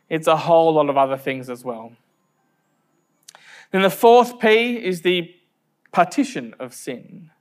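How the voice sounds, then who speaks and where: A man preaching a sermon, telling stories earnestly with slow, emphatic phrasing. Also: sits high.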